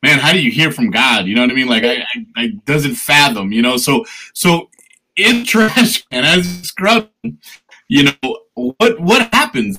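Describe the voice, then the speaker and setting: A man's voice: a little high, noisy background. A man hosting a casual talk show, asking long rambling questions and laughing often. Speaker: podcast host. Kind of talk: casual interview chat.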